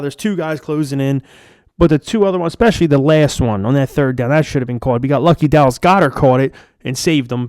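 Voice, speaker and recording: A man's voice: on the high side, a little mellow, smooth, no room sound, clean studio sound. A man giving a frustrated, profane, rambling rant as a sports fan vlogger. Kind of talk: ranting fan commentary.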